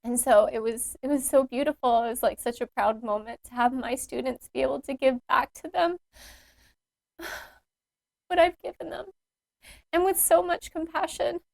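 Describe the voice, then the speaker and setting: A woman's voice: sits high, moderate pace, vocal fry, a little mellow, dry recording. A woman hosting her own podcast as a yoga teacher, talking in an earnest, intimate and rambling way with many fillers. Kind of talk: reflective solo podcast talk.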